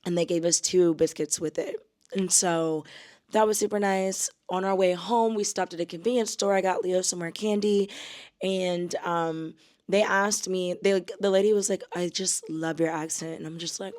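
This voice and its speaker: A woman's voice: on the low side, fairly even intonation, moderate pace, darkish tone. A young woman from the United States, chatting casually to camera as a travel vlogger, full of fillers and calling her viewers y'all. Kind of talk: casual vlog chat to camera.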